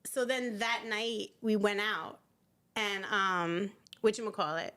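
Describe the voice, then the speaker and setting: A woman's voice: medium pitch, takes it slowly. A woman podcast guest telling stories in casual chat, laughing often and acting out what others said. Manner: animated storyteller acting out others' lines.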